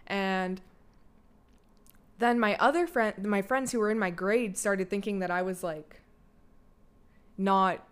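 A young woman with a Canadian accent tells her own story in a casual, rambling way. She leans on filler words and swears freely. Her voice is smooth and resonant, sitting at an ordinary middle pitch for a woman. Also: takes it slowly, long pauses. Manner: candid, loose and chatty, heavy filler "like", swears freely. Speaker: guest, daughter of the host.

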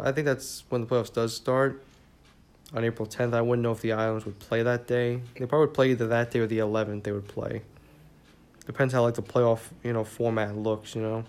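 Medium in pitch and a little mellow, this is the voice of a young adult man hosting a casual podcast by himself. He's from the New York area, sounds tired, and rambles profanely with lots of fillers.

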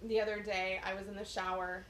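A woman co-hosting a podcast, a mother telling lively stories in casual chat. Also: mid-range voice, a little fast, echoey room, soft background music. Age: adult, mother of children. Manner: chatty, animated storyteller. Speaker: podcast co-host.

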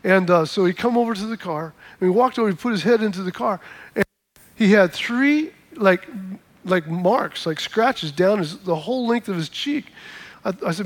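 A man's voice: high voice, moderate pace. A man preaching a sermon, telling a story and acting out the dialogue, and calling on the congregation to repeat words back. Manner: animated storyteller, acts out dialogue, calls for congregation responses. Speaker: pastor.

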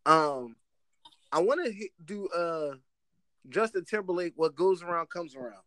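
Podcast dude, bit higher voice, dry mic, rambling and laughing easy. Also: male voice, a little slow, dry recording. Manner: relaxed, laughing, loose rambling talk. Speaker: podcast co-host. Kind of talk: casual chat.

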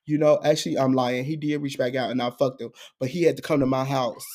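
A young man hosting a podcast, telling a story in an animated, profane way with frequent laughter. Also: medium pitch, fast talker. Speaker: podcast host. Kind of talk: casual chat storytelling.

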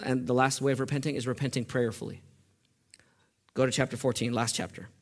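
A male pastor preaching a sermon, quizzing his congregation with questions and building to loud, impassioned peaks. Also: mid-range voice, steady tone, brisk. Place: church.

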